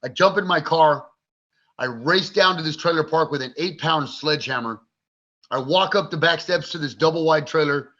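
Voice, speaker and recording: A podcast guest in his forties tells his story in candid interview style, blunt, vivid and profane. His voice is fairly high, bright and forceful, moving at a normal speed. The recording is dull and lo-fi.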